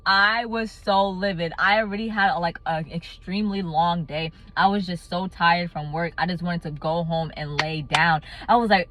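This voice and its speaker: A young adult woman telling a casual storytime vlog, animated and laughing often. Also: medium pitch, moderate pace. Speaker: vlogger.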